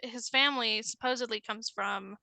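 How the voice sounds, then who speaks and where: Woman, co-host, bright slightly high voice, playful quoting, dry close sound. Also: fairly even intonation, moderate pace, vocal fry, no room sound. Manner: quotes lines with playful voices. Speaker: podcast co-host. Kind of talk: casual book-club chat.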